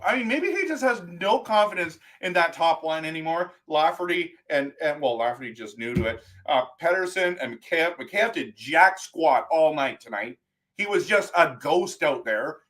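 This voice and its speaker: A man hosting a live post-game stream, ranting in an animated, exasperated way about a hockey game. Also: on the high side, normal speed. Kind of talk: post-game fan talk.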